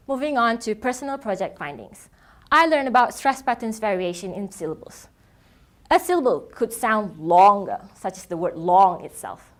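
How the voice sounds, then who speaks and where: A young woman, a non-native English speaker, giving an earnest prepared presentation as a student keynote speaker at a festival. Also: on the high side. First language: not English. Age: young adult. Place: event stage.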